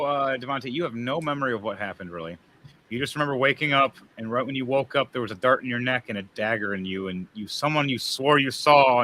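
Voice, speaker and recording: A man running a tabletop game, with a bright, forceful voice and faint noise in the background. He rambles with many fillers and laughs as he goes. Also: mid-range voice. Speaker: game master.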